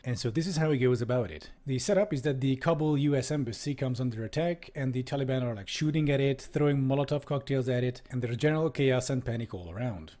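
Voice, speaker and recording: A man reads a book aloud on a stream and breaks off for casual, profane commentary full of laughter. His voice sits at a middling pitch. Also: fast talker, hardly any pauses, warm tone.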